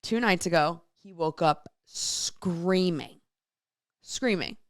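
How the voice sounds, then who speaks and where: This is casual solo radio chat from a woman with a lowish voice who speaks at a slow pace. She tells a chatty story and reads out messages from listeners, recorded dry in a clean studio.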